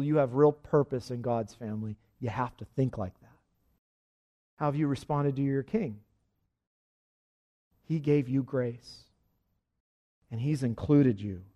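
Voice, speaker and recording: A man's voice: mid-range voice, dark tone. A male pastor preaching a sermon and then leading a prayer, in an earnest manner.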